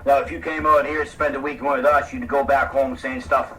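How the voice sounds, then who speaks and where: A man's voice: medium pitch, brisk, far from the mic, rough recording. Boston-accented male radio host. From Salem, Massachusetts. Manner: relaxed, joking. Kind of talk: casual talk radio chat.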